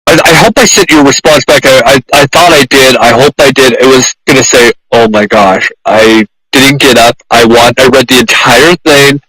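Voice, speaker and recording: A man hosting a podcast, speaking effusively and haltingly with many repeated words. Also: mid-range voice, pushed and bright, breathy edge, no echo, poor audio. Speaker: podcast host, pet groomer. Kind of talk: conversational interview.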